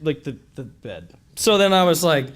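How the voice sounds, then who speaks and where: Animated young man telling a story. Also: a little high, normal speed. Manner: animated, laughing often, heavy use of "like". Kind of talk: live comic storytelling. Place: stage at a live storytelling event. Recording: noisy live event recording.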